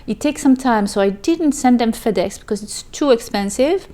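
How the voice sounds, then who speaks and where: A woman with a slightly high voice hosts a casual crochet vlog. She gushes and thanks viewers again and again, piling up "so, so much" as she opens their packages. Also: lively intonation, moderate pace, mellow. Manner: gushing, effusive, repeats "so, so much". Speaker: crochet channel host. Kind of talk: casual vlog, opening mail on camera.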